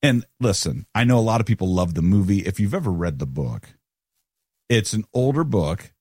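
Low-voiced man chatting on a podcast. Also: sing-song, normal speed, a little mellow, husky, no echo, clean studio sound. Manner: rambling, self-correcting, easygoing. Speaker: podcast co-host. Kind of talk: casual conversation.

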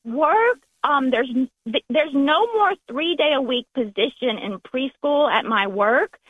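A woman with a Southern US accent calling in to a radio show, talking in a warm, gushing way and restarting her phrases. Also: high-pitched, lively intonation, slow. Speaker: caller. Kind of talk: call-in phone conversation. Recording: tinny phone line.

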